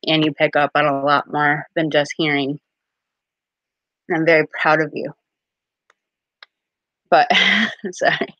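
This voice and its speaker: A woman's voice: low-pitched, flat delivery, measured pace, pauses often, fairly bright tone, no room sound, muffled recording. A woman casually chatting on a live stream as a card reader, giggly and full of fillers.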